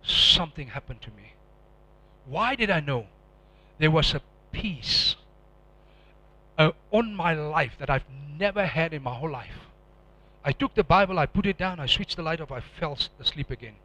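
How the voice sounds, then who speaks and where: Intense preacher, bright voice. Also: male voice, a little high, expressive, moderate pace, low-quality recording. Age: middle-aged. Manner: emotional, swings from hushed to loud and intense. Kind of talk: personal testimony sermon.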